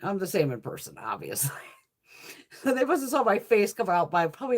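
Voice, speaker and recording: A woman's voice: medium pitch, sing-song, a little fast. A woman from Connecticut chatting as a beauty haul vlogger, telling a story casually, swearing constantly and laughing as she talks. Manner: swears constantly, laughs through her stories.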